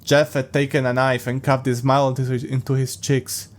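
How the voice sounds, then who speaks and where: Speaking at medium pitch with little pitch movement and a moderate pace, this man reads a story on his podcast. He keeps interrupting with mocking, sarcastic asides, clearly amused and laughing often.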